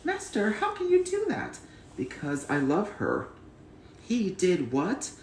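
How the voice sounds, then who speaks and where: A man's voice: high voice, wildly swooping pitch, slow pace, reverberant, slight background noise. A man reciting memorized film lines and trivia, earnest and proud, at home. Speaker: channel host.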